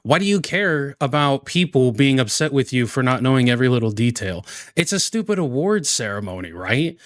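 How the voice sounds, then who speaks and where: A man's voice: mid-range voice, very animated, fairly quick, no echo, clean studio sound. A man giving exasperated reaction commentary on a streamer, ranting with many restarts.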